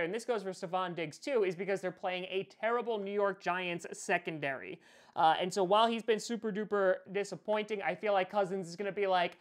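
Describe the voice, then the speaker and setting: A man's voice: high-pitched, moderate pace. A young man hosting a fantasy football vlog, talking casually with joking, sarcastic asides. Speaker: host.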